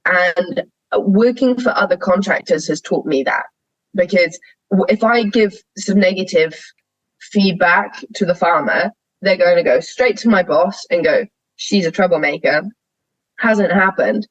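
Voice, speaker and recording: A young woman who shears sheep guests on a podcast, speaking frankly and animatedly in a fairly low, unhurried voice and laughing often as she tells stories in a candid conversational interview. The recording is dry and lo-fi.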